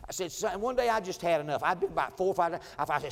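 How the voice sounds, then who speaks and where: A middle-aged male pastor preaching in a church, his slightly high voice carried by a long, ringing hall reverb. He tells homely family stories, slips into the voices of the people in them and chuckles along with his congregation. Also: expressive, racing, hardly any pauses. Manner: storytelling, acting out family quotes, chuckling asides. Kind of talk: sermon. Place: church sanctuary.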